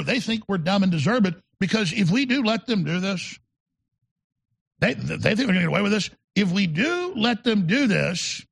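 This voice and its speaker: High gravelly guy hosting a talk show, ranting, husky, keeps repeating himself. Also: a bit bright. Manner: emphatic, rambling, repeats words. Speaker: show host. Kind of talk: talk radio monologue.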